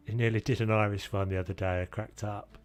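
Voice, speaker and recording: A man's voice: on the low side, fairly even intonation, fast, faint music behind. A man chatting casually to his viewers as he plays, rambling from one thought to the next. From United Kingdom. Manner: rambling and chatty, talking to chat while he plays. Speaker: streamer. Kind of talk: casual gaming livestream commentary.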